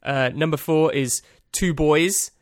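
A podcast host with a higher voice takes it slowly in a dry recording, reading out a list during a casual solo monologue. His delivery is rambling, dry, and self-amused, full of ums and uhs.

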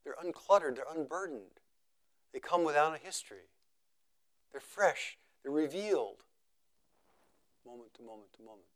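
This contemplative dharma talk comes from a man speaking slowly and deliberately at a meditation retreat. His voice is a little high and expressive; he circles back on phrases to stress them and lets his endings drop softly away.

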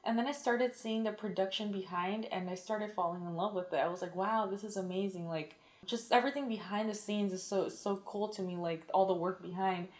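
A woman's voice: medium pitch, a little fast, hardly any pauses. A chatty young woman with Mexican-American roots answers interview questions about her media work. She keeps adding "like" as she talks and slips into quoted lines. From Mexican-American background. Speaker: radio and TV media personality, guest.

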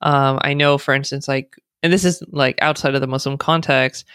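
A woman's voice: rumbling low, fairly even intonation, moderate pace, a bit bright, smooth, dry recording, clean studio sound. An American woman speaking as a podcast guest, chatty and sarcastic, often laughing as she talks. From United States. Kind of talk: casual podcast interview.

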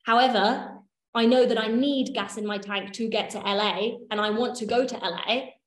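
A woman's voice: fairly high pitch, fairly even intonation, moderate pace. A woman leading a workshop, teaching in a casual, chatty way, swearing offhand and checking that her listeners follow. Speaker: workshop leader. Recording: echoey room.

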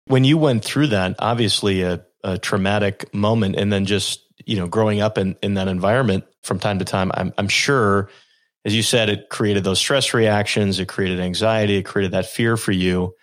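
A man's voice: lowish voice, fairly even intonation, moderate pace. A man hosting a podcast, asking long, winding questions with restarts. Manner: rambling, restarts while framing questions. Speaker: podcast host. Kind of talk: interview questions.

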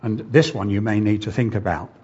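A man preaching a sermon, slow and earnest, asking the congregation rhetorical questions. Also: on the low side, a little mellow, slightly rough, dull audio. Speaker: pastor.

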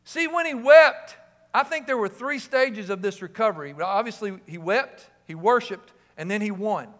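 Male pastor, 50s, passionate preaching in a big echoing sanctuary, tense bright tone. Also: high-pitched, lively intonation, normal speed. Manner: impassioned, rising to shouts on key lines. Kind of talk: sermon. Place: church sanctuary. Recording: reverberant church hall.

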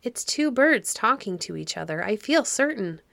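A woman voicing an earnest, excitable young girl in a storybook. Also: fairly high pitch, moderate pace, gravelly, no room sound, heavily acted. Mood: eager. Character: curious eager young girl.

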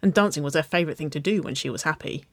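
A woman narrating a children's-style story, reading aloud with a gentle, even delivery. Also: low voice, racing.

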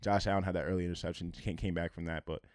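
A young man co-hosting a casual sports betting chat, excitable, swearing and repeating himself. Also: deep voice, rapid-fire, no room sound, clean studio sound. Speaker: sports podcast co-host.

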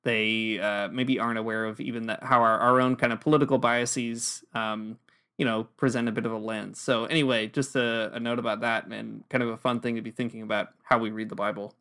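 Clear-voiced man thinking aloud. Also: medium pitch, level tone, brisk, a bit bright. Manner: thoughtful, hedging with fillers. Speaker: podcast co-host. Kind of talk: casual discussion.

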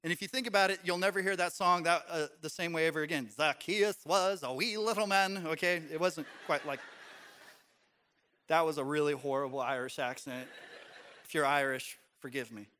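A man's voice: on the high side, little pitch movement, a little fast, bright, forceful tone. A man preaching a sermon in a church, conversational and joking with the congregation. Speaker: pastor. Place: church sanctuary.

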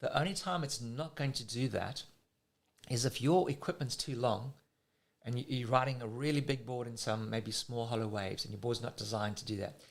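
South african guy coaching surfing, talks fast when he gets excited, lots of analogies. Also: mid-range voice. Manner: excitable, explains with everyday analogies. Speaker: surf coach. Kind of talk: casual coaching talk on a live show.

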